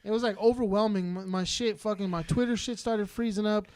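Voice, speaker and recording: High-voiced man ranting profanely. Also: steady tone, brisk, darkish tone, smooth. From Southern California. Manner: profane, heated, rambling rant. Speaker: podcast co-host. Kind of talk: casual podcast rant.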